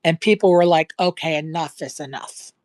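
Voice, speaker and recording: A woman's voice: deep voice, normal speed, darkish tone, no room sound. A woman hosting a casual podcast chat, talking emphatically and repeating her points for stress, with a case of the hiccups. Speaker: podcast host.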